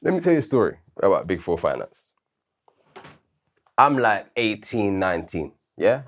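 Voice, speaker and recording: A man's voice: lowish voice, sing-song, normal speed. A man co-hosting a casual debate show, arguing his point earnestly and backing it with questions and personal stories. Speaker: co-host.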